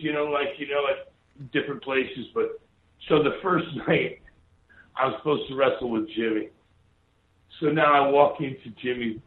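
A man from Hawaii, a former wrestler, telling stories in a rambling, casual way and swearing freely. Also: mid-range voice. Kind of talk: casual storytelling. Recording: echoey, tinny phone-like sound.

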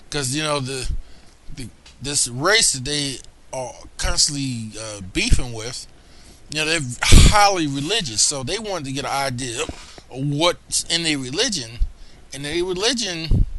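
A man in casual solo commentary, rambling and chatty, often restarting his sentences and coughing now and then. His voice sits a little high and sounds bright and forceful. Faint background noise runs under the recording. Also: poor audio. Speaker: comic book commentator.

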